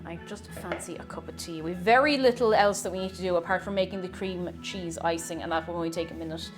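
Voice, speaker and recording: A woman's voice: fairly low pitch, fast talker, over music. A woman chatting casually with her stream chat while baking in her home kitchen, reading messages aloud. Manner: chatty, reads chat aloud, bursts of excited whoops.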